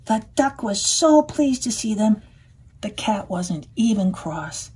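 Woman storyteller, unhurried, mellow and a bit breathy, lively voices for the characters. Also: mid-range voice. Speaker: storybook reader. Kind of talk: read-aloud storytelling.

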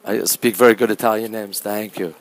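A man from Canada keeps his somewhat low voice down to a hush as he livestreams from a quiet art museum. He chats casually and greets his viewers one by one by name. He speaks into a phone microphone held close. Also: steady tone, fairly quick, slight background noise, poor audio. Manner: talking low and hushed. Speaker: livestream host. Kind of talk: casual live-stream chat.

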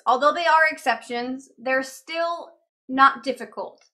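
A woman teaching a beginner language lesson in a chatty manner, explaining grammar with examples and repeating words slowly. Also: a little high, pushed and bright.

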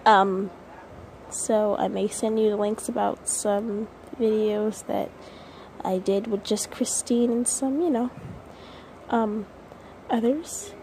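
A woman's voice: medium pitch, steady tone, slow, long pauses, a little mellow, a little hiss or hum, poor audio. A woman vlogging casually at home to her viewers, nervous and rambling, close to tears. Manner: nervous and rambling, with many restarts and sighs.

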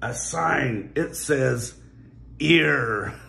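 An older man voicing a boastful, swaggering male skeleton pirate, loud and blustering, in a storybook read-aloud. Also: medium pitch, animated, very slow, vocal fry, echoey room, voice pushed up, exaggerated voice.

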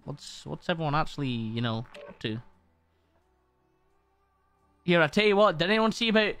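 A man's voice: on the high side, sing-song, normal speed, fairly bright tone, a little hiss or hum. A man streaming a video game live, chatting casually with viewers, rambling and swearing a lot. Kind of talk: casual live-stream chat while gaming.

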